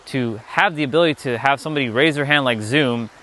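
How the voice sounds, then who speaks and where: A man's voice: mid-range voice, quick pace, sharp tone. A young man giving a casual live-stream talk as a spiritual teacher, rambling and restarting his sentences often.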